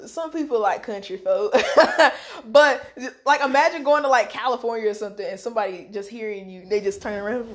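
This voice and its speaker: A woman's voice: a little high, normal speed, hardly any pauses, a bit bright. A young woman with a North Carolina Southern accent, chatting casually on a podcast and acting out the voices of people she quotes. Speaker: podcast host. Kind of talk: casual chat.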